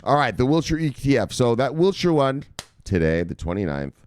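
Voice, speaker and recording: A man hosting a crypto news show, talking casually and brashly to his viewers, swearing often and reading out viewer shout-outs. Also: mid-range voice, very animated, a little fast, clear, resonant tone. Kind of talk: casual profane market commentary to viewers.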